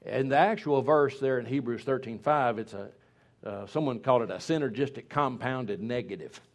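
A middle-aged man delivers a sermon. His voice sits at an ordinary pitch for a man. He preaches with emphasis, repeating words to drive each point home. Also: moderate pace, gravelly.

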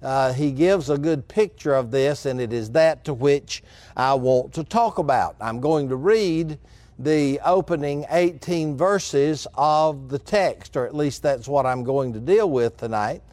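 Earnest preacher, dry close sound. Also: male voice, medium pitch, a little mellow, dry recording. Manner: measured, earnest preaching with asides to the congregation. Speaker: pastor. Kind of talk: sermon.

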